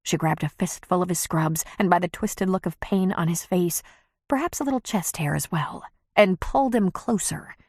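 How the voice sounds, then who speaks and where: A woman narrating an audiobook in an expressive, measured reading. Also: fairly low pitch, dry recording, clean studio sound. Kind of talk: scripted narration.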